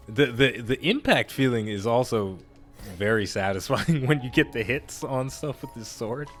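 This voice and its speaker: A gaming YouTuber gives casual let's-play commentary, rambling, laughing often and poking fun at himself. He speaks in a medium-pitched male voice, a little slowly, with soft music in the background.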